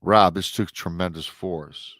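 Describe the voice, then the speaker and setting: Reading a listener's account on his storytelling podcast, a male host dramatizes the emailed tale and breaks in with emotional asides. He speaks low, steady and a little slow, with a slightly bright tone, in clean studio audio without room sound.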